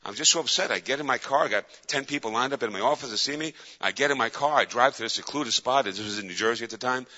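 A pastor with a piercing, very bright voice preaches with emphatic repetition. His voice rings through a reverberant hall, and the recording sounds dull and lo-fi. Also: mid-range voice, quick pace, hardly any pauses. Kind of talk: sermon.

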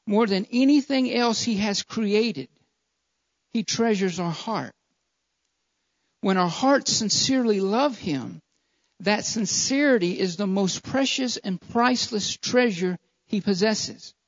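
A man's voice: high voice, takes it slowly. A man, a pastor, preaching a fervent sermon and repeatedly calling out to his congregation. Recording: dull lo-fi sound.

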